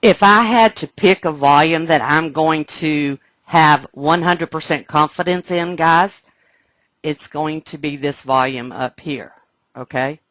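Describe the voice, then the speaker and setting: A woman teaching a live trading webcast, explaining step by step and often checking that listeners follow, sounding excited. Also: low voice, measured pace, no room sound. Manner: excited, animated. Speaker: trading instructor. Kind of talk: live trading room lesson.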